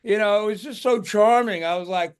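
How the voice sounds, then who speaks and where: High-voiced older man telling rambling stories. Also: fairly quick, smooth. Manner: rambling, repeats and restarts words. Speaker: guest musician. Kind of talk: casual interview storytelling.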